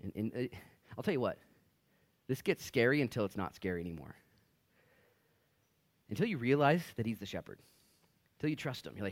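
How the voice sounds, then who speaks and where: Pastor, male, casual and animated sermon, pitch swings wide. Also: brisk, long pauses. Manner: animated preaching, acting out voices of listeners and Jesus. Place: church.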